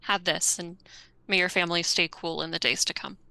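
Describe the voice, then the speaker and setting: A woman narrating and speaking as a character in a tabletop game, gentle and gracious. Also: fairly low pitch, steady tone, brisk, clean tone, no echo, poor audio.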